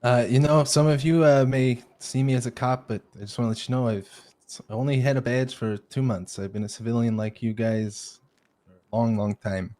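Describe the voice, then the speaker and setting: A man candidate speaking loosely in his closing remarks, filling his sentences with pauses. His voice sits at a middle pitch. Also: steady tone, darkish tone. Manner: casual, filler-heavy. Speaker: mayoral candidate. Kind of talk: closing statement.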